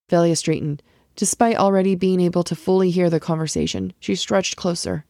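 A woman narrating a fantasy novel chapter in a measured storytelling voice. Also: lowish voice, fairly even intonation, dark tone, no room sound, clean studio sound. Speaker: author narrator. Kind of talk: audiobook narration.

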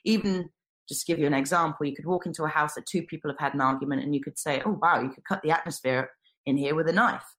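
Low-voiced woman telling her story. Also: fast, a bit bright, poor audio. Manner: earnest, candid, with frequent restarts. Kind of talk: personal storytelling in conversation.

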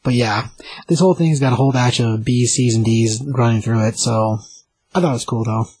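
A man's voice: medium pitch, fairly quick, darkish tone, husky, no room sound. A man chatting casually about comics, chiming in with short agreeing remarks. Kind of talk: casual chat.

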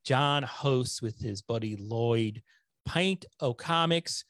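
A middle-aged man hosting a casual livestream from home, rambling and joking at his own expense, a little hoarse from talking. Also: medium pitch, slow, a bit bright, no room sound, clean studio sound. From Connecticut. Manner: rambling, self-deprecating, joking. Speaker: host of a nonprofit news livestream. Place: home room lit with LED lights. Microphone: desktop microphone.

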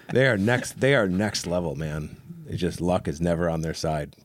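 A man with a low voice co-hosts a casual car podcast. His pitch swings widely as he rambles and restarts his sentences, and the sound is dry and close. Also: slightly rough, no echo. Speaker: podcast co-host.

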